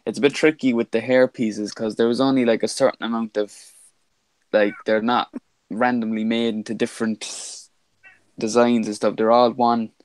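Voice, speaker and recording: A man's voice: mid-range voice, level tone, moderate pace, dry recording. A man chatting casually and explaining at length about the figures he builds. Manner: rambling, explaining. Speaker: Lego figure maker. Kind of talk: casual chat.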